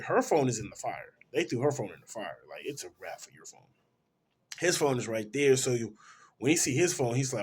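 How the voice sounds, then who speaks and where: A man's voice: mid-range voice, moderate pace. Man animatedly retelling a movie plot. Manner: animated storytelling with slang. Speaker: film reviewer. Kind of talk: casual movie plot recap.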